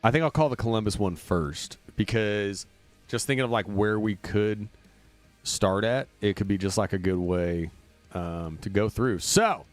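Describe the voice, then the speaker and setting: An unhurried man with a voice on the low side rambles through a casual, upbeat livestream, full of fillers. He's from Indiana and plays in a band, and he's booking a tour as demo music loops faintly behind him.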